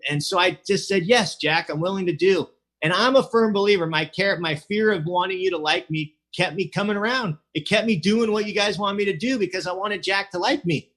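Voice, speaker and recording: A man's voice: high voice, a little fast, a bit bright. A man from California telling his own recovery story at an online meeting, chatty and casual, acting out what people said and adding "you know" often. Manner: chatty, acts out quoted dialogue, says "you know" a lot. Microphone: computer mic on a video call.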